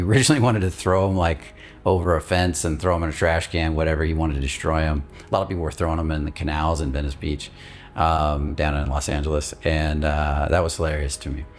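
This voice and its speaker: A male coach giving a guided instructional talk, calm and steady, stressing key words by repeating them. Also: low voice. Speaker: emotional release coach.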